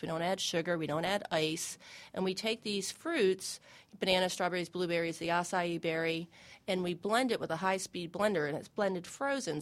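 An eager woman guest, a shop owner, explains her products on a radio talk show. Her voice sits slightly low and she runs through lists of items quickly. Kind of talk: radio interview chat.

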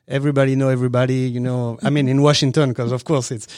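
A man's voice: mid-range voice, level tone, darkish tone, no echo, clean studio sound. A man from southern France with a French accent, a restaurant owner talking in a casual interview, searching for words and restarting often. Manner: halting, searching for words, frequent restarts and chuckles.

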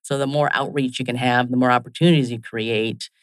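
A man's voice: mid-range voice, fairly even intonation, a little fast, fairly bright tone, no echo, poor audio. Man speaking in business phrases, dry sound. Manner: talks in business phrases, leans on "kind of" and "right?". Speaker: business leader guest. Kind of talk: conversational interview.

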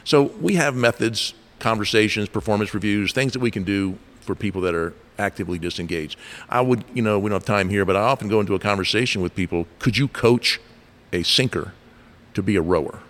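A middle-aged man, a leadership coach, explaining ideas through lively stories and acted-out quotes in a relaxed conversational way. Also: lowish voice, quick pace. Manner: animated storyteller, acts out quoted voices.

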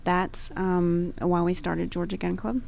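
A woman answering questions as a guest on a radio talk show in a studio, measured and halting with many fillers. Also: on the low side, little pitch movement, gravelly, darkish tone, a little hiss or hum. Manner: measured, many ums and restarts. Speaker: radio guest, gun range owner.

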